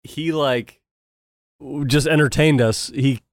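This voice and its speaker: A man's voice: fairly high pitch, steady tone, slow pace, dry recording, clean studio sound. A man co-hosting a podcast, telling loose, jokey stories in casual chat. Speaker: podcast co-host.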